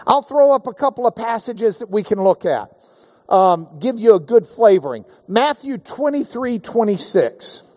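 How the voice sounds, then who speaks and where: Animated, high-voiced male preacher. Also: moderate pace. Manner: emphatic, engages the audience with questions and call-and-response. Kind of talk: sermon.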